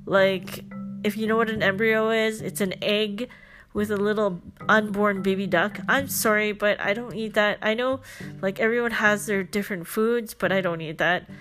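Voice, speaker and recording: A woman's voice: mid-range voice, steady tone, moderate pace, a bit bright, faint music behind. A young woman of Filipino background hosting a podcast, telling a story in a chatty, casual way with lots of fillers and joking asides. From Filipino family, lives in Canada. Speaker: podcast host.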